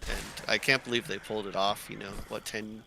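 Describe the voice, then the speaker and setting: A man's voice: fairly low pitch, level tone, brisk, creaky, bright, forceful tone, a little hiss or hum. A man co-hosting a gaming stream, chatting casually in a rambling way with lots of fillers, over a voice chat mic. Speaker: stream co-host and gamer.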